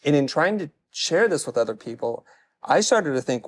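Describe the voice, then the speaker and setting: A man's voice: a little high, sing-song, normal speed. A middle-aged man speaking candidly to a live audience, telling stories in a self-deprecating way as a personal branding speaker. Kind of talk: stage talk to a live audience.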